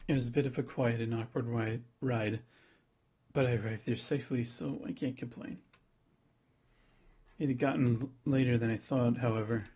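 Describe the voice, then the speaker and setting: A man's voice: medium pitch, steady tone, normal speed, slightly rough, highs cut off. A man streaming himself reading a visual novel aloud, with laid-back joking asides. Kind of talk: casual stream narration.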